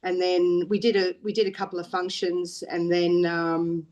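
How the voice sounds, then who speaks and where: A woman's voice: on the low side, flat delivery, moderate pace, darkish tone, dull audio. A middle-aged woman with an Australian accent, a guest in an interview, rambling through stories with restarts. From Wales. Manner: rambling and chatty, with frequent restarts and laughs. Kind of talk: casual storytelling chat.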